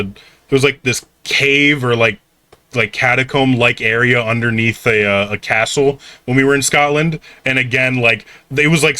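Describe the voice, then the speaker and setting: A man's voice: medium pitch, bright, forceful tone, dry recording. A man co-hosting a podcast, telling stories in casual chat, rambling with lots of "like" and swearing freely. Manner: rambling, heavy use of "like", swears a lot. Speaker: podcast co-host.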